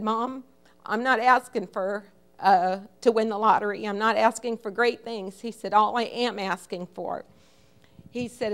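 A middle-aged woman telling a personal testimony at church, storytelling with feeling and quoting the people she speaks of. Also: medium pitch. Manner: emotional storytelling, quotes others in dialogue. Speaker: church member giving a testimony.

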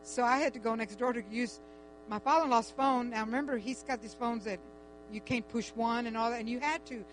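A woman's voice: fairly high pitch, brisk, poor audio. Chatty older woman telling a story. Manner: animated, chatty, with frequent restarts and quoted dialogue. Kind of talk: casual personal storytelling. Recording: faint music and mains hum.

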